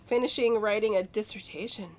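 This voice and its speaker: A hoarse woman who has been sick, with a gravelly voice, reading out chat comments and giggling on a casual live stream. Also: mid-range voice, steady tone, a little fast, darkish tone. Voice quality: gravelly, smoker-like. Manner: giggly, reads comments aloud. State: hoarse from illness.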